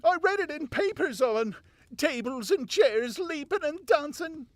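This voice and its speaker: A man voicing a frantic, superstitious village innkeeper's wife in an audiobook, with shrill, rustic country speech. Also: animated, unhurried, dry recording. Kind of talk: audiobook character voice.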